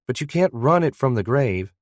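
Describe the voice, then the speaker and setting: A teasing, quick-witted woman, as a male audiobook narrator puts her on, her pitch lifted above his own and full of lively ups and downs. She jokes easily with an old friend. The read is close and dry, with no room sound. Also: no echo, close to an everyday voice. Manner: light, teasing.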